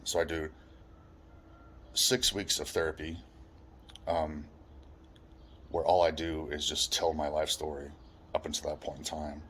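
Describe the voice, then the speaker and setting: A man's voice: rumbling low, a bit bright, slight background noise. A man telling his own life story in a blunt, plain-spoken way, swearing often. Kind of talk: personal life story monologue.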